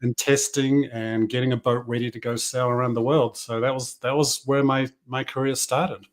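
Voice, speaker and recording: A man's voice: medium pitch, steady tone, moderate pace. A middle-aged man with a New Zealand accent, a business coach guest telling his story in an easygoing way. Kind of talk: casual podcast interview.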